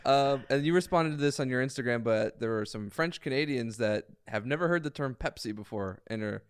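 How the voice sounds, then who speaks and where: A man's voice: medium pitch, fairly quick, clear, resonant tone, no room sound, studio quality. A man co-hosting a casual podcast, reading listener comments aloud. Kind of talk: casual chat.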